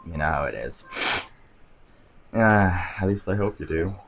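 A man giving casual, excitable gameplay commentary, rambling to himself and often stammering over restarts. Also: low voice, normal speed, phone-quality sound. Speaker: let's play commentator.

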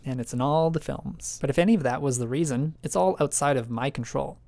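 A man's voice: medium pitch, a little fast, gravelly, mellow, no echo. A man narrating a reflective video essay, musing and questioning himself as he thinks aloud.

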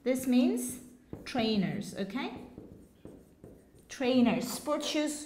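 A woman teaching English in a classroom, with a high voice that rises and falls widely. She talks slowly and patiently, repeating words and questioning the students. The room is echoey, with faint noise behind her. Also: big pitch swings. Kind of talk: classroom language lesson.

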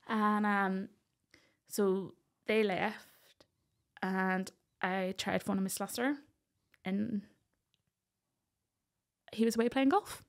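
A woman with a Northern Irish accent tells her own story as a podcast guest. Her voice sits in a middle register with a gravelly edge. She tells it with energy and acts out the voices of the people she quotes. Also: medium pitch, lively intonation, slow pace, pauses often. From Northern Ireland. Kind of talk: personal storytelling in a podcast interview.

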